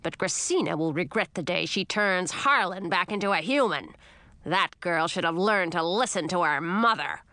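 A woman's voice: animated, moderate pace, sharp tone, dry recording. A woman voicing a cranky, bossy old witch grandmother who barks and sneers in a storybook reading. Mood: scornful. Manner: barking, scornful, shrill at times.

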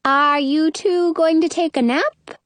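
A gracious, sweetly oblivious queen mother in a storybook reading, as a woman reader voices her. She speaks slowly with a lifted, lilting tone. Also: sits high, steady tone, a bit bright, dry recording, pitched above the performer's own voice. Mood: doting. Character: doting elegant queen mother.

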